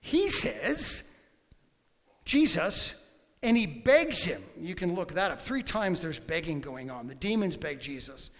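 A man preaching a sermon, emphatic, swinging between loud bursts and quiet asides. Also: a little high, big pitch swings, slow pace. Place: church hall. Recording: long hall reverb.

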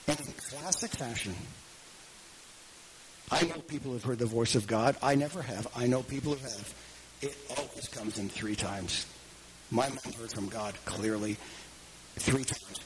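A man preaching as a pastor, telling a story and leading a prayer, slowing down for dramatic emphasis. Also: a little high, a crowd in the background, poor audio. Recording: audible background noise.

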